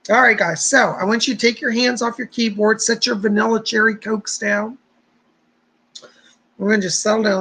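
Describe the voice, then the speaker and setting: A man's voice: high voice, vocal fry, pushed and bright, slightly rough, poor audio. A man hosting a psychic livestream who chats casually with viewers, greets them by name, leads a guided meditation and gives readings.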